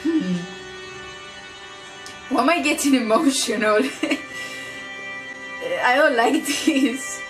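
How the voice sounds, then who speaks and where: A woman's voice: high-pitched, slow pace, pauses often, over music. A woman hosting a reaction video, chatting casually, laughing often and swearing freely.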